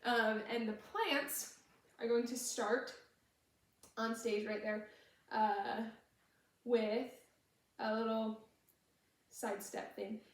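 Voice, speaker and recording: A woman's voice: a little high, fairly even intonation, slow, pauses often. Patient young female dance instructor, mic far away, very roomy hall sound. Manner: patient, explains moves while demonstrating, sometimes hums the tune. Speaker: dance teacher. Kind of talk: teaching choreography step by step. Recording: echoey room, voice from far off the mic.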